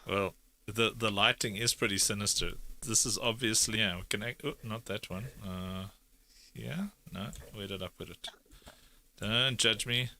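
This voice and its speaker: A man hosting a casual live editing session, thinking aloud and cracking jokes as he works. His voice is on the low side and very bright, with faint noise behind him. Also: a little slow. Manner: chatty, joking, thinking aloud. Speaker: film editor, streaming host.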